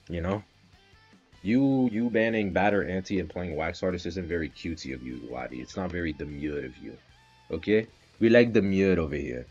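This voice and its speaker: Snobby spoiled rich boy, put on by a man, low prissy drawl, dull lo-fi sound with faint guitar behind. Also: breathy edge. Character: snooty rich-boy jerk from 2000s movies, male, young.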